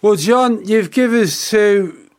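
A man's voice: high voice, takes it slowly. A man interviewing a guest, affirming the answers and leading with questions. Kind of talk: podcast interview.

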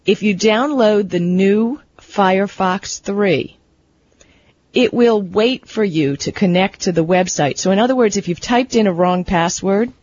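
A woman's voice: mid-range voice, measured pace, a little mellow. A woman co-hosting a tech radio talk show, chatty and laughing easily. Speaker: co-host. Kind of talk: casual radio chat. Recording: slightly dull radio audio with faint noise.

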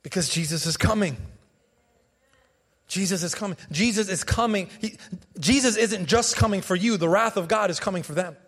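High-voiced pastor preaching in an echoing sanctuary. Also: male voice, moderate pace, slightly rough. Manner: animated, conversational preaching with humor and repetition. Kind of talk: sermon. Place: church sanctuary.

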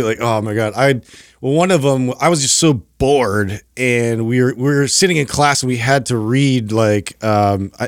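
A man's voice: medium pitch, no echo, studio quality. A man in a casual podcast chat, rambling through stories with many restarts.

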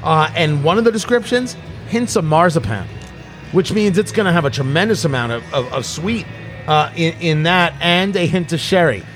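A middle-aged man hosts a loose, joking conversation, often stopping and restarting mid-thought. His voice sits a bit high for a man. A faint bed of music plays underneath. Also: expressive, moderate pace, a bit bright. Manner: rambling, self-interrupting, jokey. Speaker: podcast host. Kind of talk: casual tasting chat.

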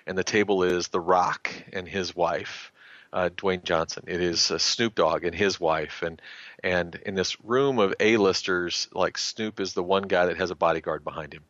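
A man, a sports writer and guest, telling anecdotes in a casual, animated way and slipping into the voices of the people he quotes. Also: low-pitched, normal speed, no echo, muffled recording. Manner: animated storyteller who acts out quotes.

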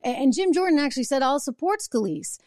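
A woman's voice: sits high, expressive, quick pace, a little mellow, no room sound, studio quality. A woman hosting her own show, delivering an emphatic political commentary monologue full of rhetorical asides. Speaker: show host.

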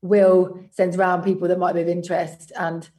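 A woman's voice: on the low side, little pitch movement, brisk, dark tone. A woman talking casually and frankly as an interview guest from her home. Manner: chatty, frank, laughs easily. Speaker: music agent, guest.

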